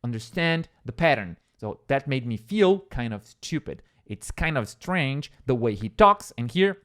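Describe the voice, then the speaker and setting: Male English teacher, patient and repetitive, animated intonation. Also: mid-range voice. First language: Portuguese. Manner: patient, repeats examples slowly, checks with "okay?". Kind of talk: explaining vocabulary lesson.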